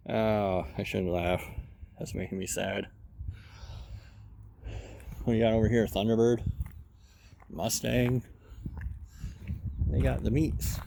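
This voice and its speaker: A man's voice: fairly low pitch, steady tone, takes it slowly, creaky, long pauses, warm tone, slight background noise. A man giving casual walk-around commentary at an outdoor junkyard, muttering running remarks to himself as he browses. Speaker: car hobbyist vlogger.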